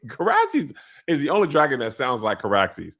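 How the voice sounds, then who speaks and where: A man hosting a comedic recap of a TV episode, telling the story in animated slang and putting on playful voices for the characters. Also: mid-range voice, quick pace. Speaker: show recap host.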